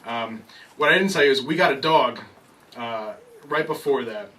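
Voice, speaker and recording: Animated young guy telling a stand-up story. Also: medium pitch, moderate pace. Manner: animated storytelling, laughing at his own jokes. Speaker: stand-up comedian. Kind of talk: stand-up comedy set. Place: bar comedy night. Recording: distant mic with loud noise and crowd.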